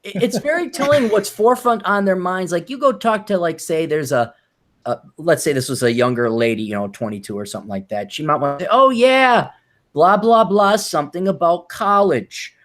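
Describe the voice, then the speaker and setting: A man talking in a lively, swooping voice that sits a little high. He tells stories with a sardonic, profane edge and breaks into mocking high voices when he quotes people in casual podcast chat. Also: a little fast. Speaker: podcast co-host.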